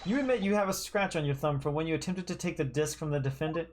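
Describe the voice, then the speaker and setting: A streamer voicing a young defense lawyer from a text game, earnest and steady. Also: medium pitch, quick pace, a little hiss or hum, lightly acted. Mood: firm.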